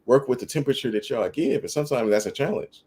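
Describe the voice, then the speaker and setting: A man co-hosting a casual talk show about dating, telling stories in a relaxed way with slang. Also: mid-range voice, fast talker, slightly rough. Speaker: podcast co-host. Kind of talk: casual chat.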